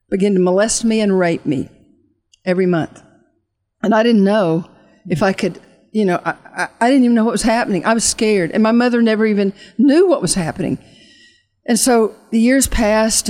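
A woman's voice: medium pitch, darkish tone. Earnest woman preaching a testimony. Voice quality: earnest, halting, with frequent restarts. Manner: fervent preaching cadence, slows for emphasis. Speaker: ministry leader and guest. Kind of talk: emotional testimony and altar call.

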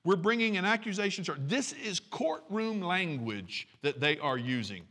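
A man's voice: high voice, very animated, normal speed, fairly bright tone. A man preaching a sermon as pastor, talking conversationally with asides to the congregation. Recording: reverberant hall.

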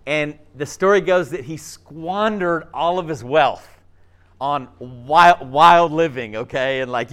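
Lively, animated man preaching a sermon. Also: a little high. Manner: animated, conversational preaching with frequent "okay?" check-ins; acts out voices and laughs often. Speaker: pastor.

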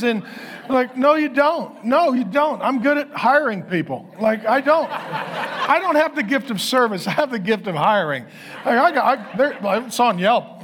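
Pastor in his fifties, unusually high-pitched male voice, storytelling sermon with comic asides and acted-out quotes. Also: moderate pace, breathy edge. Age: 50s. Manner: animated, self-deprecating storytelling with acted quotes.

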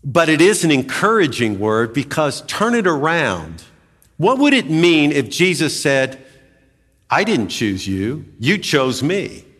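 A man preaching a sermon as a pastor, emphatic and animated, with dramatic swings in pitch. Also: takes it slowly. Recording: long hall reverb.

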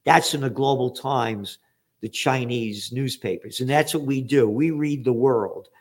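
Older man, news commentary, blunt, sarcastic, profane, emphatic, mid pitch. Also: measured pace, slightly rough. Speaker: trends forecaster hosting a news commentary show. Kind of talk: opinionated news commentary, reading headlines.

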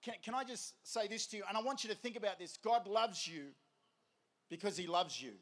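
A man preaching an energetic sermon, telling lively stories and prompting the crowd. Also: high voice, fairly quick. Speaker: youth preacher.

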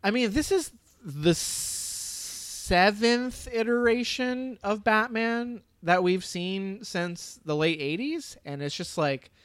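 A man's voice: high voice, slow, fairly bright tone, clean tone, no room sound. A man co-hosting a casual podcast chat, rambling with many fillers and casual swearing. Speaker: podcast co-host reviewing a film.

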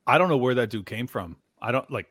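A blunt, emphatic man chatting on a podcast and swearing freely. His voice sits in a middle pitch. It is recorded dry and close, with no room echo. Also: animated, fast talker, a bit bright. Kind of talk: casual podcast chat.

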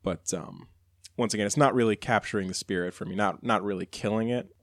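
A man's voice: fairly low pitch, brisk, dry recording. Guy gushing about songs on a podcast, chatty and a bit campy, dry close sound. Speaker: podcast co-host. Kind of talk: casual chat.

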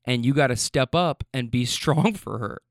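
A man's voice: medium pitch, moderate pace, no echo, studio quality. A man who drives for a rideshare service, recounting a ride in his car in an earnest way and tending to get choked up when he speaks from the heart.

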